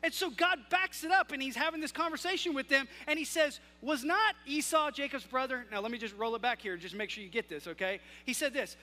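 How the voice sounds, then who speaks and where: Man, pastor, sermon, very high pitch, sharp tone, loud-to-soft swings, reverberant sanctuary. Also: fast talker, few pauses. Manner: dynamic delivery, swinging between loud emphasis and hushed asides. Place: church sanctuary. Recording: long hall reverb with faint music.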